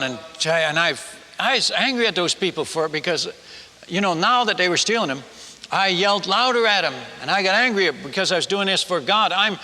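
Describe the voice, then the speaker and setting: A man preaching as a missionary, telling his story with animated, self-mocking humor and frequent stammered restarts. His voice sits high and sounds very bright. A long reverb from a large hall trails behind his words. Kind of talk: sermon storytelling.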